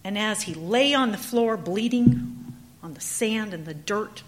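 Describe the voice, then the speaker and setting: A woman preacher telling a story in her sermon, in an animated, dramatic manner. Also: mid-range voice, measured pace. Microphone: handheld or clip mic.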